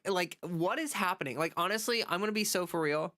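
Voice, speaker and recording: Briskly, a woman livestreamer with a fairly low, fairly bright voice rambles through casual chat and viewer comments. A cold leaves her sounding stuffy and nasal, and her talk is chatty and heavy on fillers.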